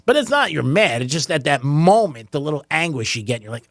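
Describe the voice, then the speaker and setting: Lively, joking talk radio host, man. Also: on the high side, fast talker, vocal fry, hardly any pauses, no echo, studio quality. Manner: joking, excitable, laughs often. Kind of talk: casual talk radio banter. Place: radio studio. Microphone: studio microphone.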